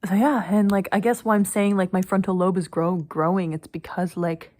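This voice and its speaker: A young woman rambles through a casual personal vlog, leaning heavily on fillers, saying "like" a lot and swearing now and then. Her mid-range voice is steady and darkish, at a normal speed.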